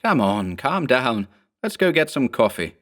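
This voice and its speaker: A man voicing a calm, eerily reassuring male clone who talks casually and evenly. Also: mid-range voice, a little slow, pitched above the performer's own voice. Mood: calmly reassuring.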